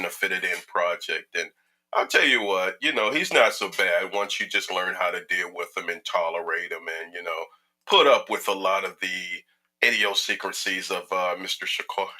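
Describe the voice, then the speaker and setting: A man's voice: sits low, steady tone, moderate pace, sharp tone, poor audio. A male talk show host from Chicago, introducing his guest in a chatty, joking way with plenty of filler words. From Chicago, United States. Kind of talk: casual interview introduction.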